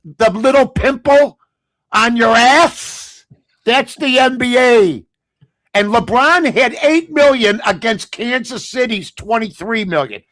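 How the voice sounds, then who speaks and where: A man hosting a sports talk show, ranting bluntly and sarcastically, swinging between low mutters and loud outbursts. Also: takes it slowly, no echo. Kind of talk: opinionated sports talk rant.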